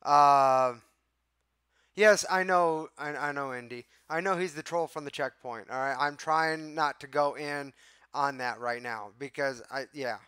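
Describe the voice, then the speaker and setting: A man's voice: on the high side, a little slow, bright, forceful tone, smooth, no echo, clean studio sound. A man hosting a live stream, exasperated and swearing as he answers his chat. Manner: exasperated, profane, talks to chat. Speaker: livestream host. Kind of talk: casual live-stream talk.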